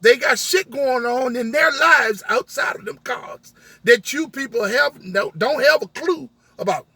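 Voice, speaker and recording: A man's voice: extremely high pitch, animated, measured pace, sharp tone, breathy edge, no room sound. A man, a rideshare driver, telling a story as an emphatic rant, acting out an argument through many quoted lines.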